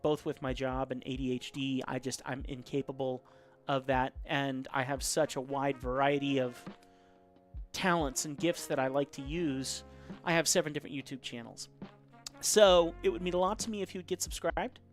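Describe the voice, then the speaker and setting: A man's voice: mid-range voice, steady tone, moderate pace, soft background music. Chatty man on an art stream. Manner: rambling, reads viewer comments aloud. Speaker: caricature artist live-streaming. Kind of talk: casual live-stream chat.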